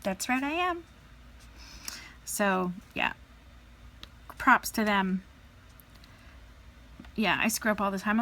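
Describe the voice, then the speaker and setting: A woman's voice: mid-range voice, normal speed, pauses often, a bit bright. Chatty woman telling stories while crafting. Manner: chatty, lots of fillers, playful voices for quotes. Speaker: crafting vlogger. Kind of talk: casual storytelling chat.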